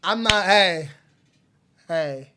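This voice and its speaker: A man's voice: sits high, animated, very slow, a crowd in the background. Hyped young male streamer reacting. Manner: hyped, slangy, loud outbursts and laughter. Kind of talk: live music reaction stream.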